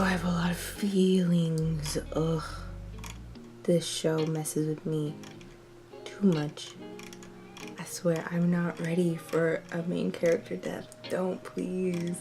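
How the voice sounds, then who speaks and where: A young woman chats through her reaction to a TV episode in a loose, expressive way, her voice sitting a little low for a woman. She laughs and sighs freely between thoughts. Faint music plays softly underneath. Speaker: TV reaction vlogger. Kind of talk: casual reaction commentary.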